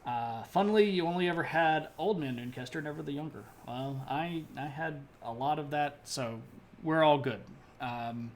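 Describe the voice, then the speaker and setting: A man with a voice pitched a little above the usual lectures on history for a live stream audience. He keeps it loose and chatty, full of "uh"s and asides, joking along and greeting chat viewers as he goes. The tone is a casual lesson, not a formal one. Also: moderate pace. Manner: loose and rambling with many fillers.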